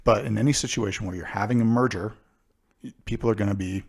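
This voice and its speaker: Male co-host, gravelly and low, hesitant questioner. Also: a little mellow. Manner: hesitant questioner, filling pauses with "uh". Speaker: podcast co-host. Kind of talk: casual podcast talk.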